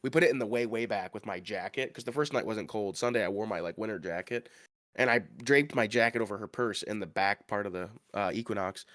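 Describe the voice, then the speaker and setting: A man's voice: on the low side, fairly quick, fairly bright tone, no echo, clean studio sound. A man co-hosting a podcast, telling a story in casual chat, rambling with lots of fillers and restarts. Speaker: podcast co-host.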